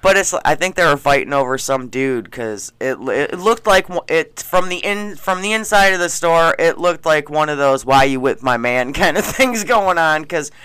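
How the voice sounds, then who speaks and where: Guy telling stories, laughing a lot, slightly high voice, dry sound. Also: moderate pace, hardly any pauses, smooth, no echo. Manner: animated storyteller, laughs often, acts out quotes. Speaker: gas station clerk. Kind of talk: casual chat, storytelling.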